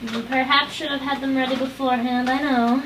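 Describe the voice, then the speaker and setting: A woman's voice: high-pitched, flat delivery, quick pace, background noise. Playful young woman makeup vlogger. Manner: playful, jokey, talks straight to the viewer. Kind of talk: casual makeup tutorial.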